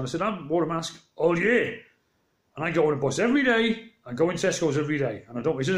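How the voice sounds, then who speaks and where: Man, casual vlog storytelling, rambling, quotes people, somewhat high voice, echoey sound. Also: quick pace. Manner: rambling, animated retelling with quoted exchanges. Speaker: vlogger. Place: walking around outdoors.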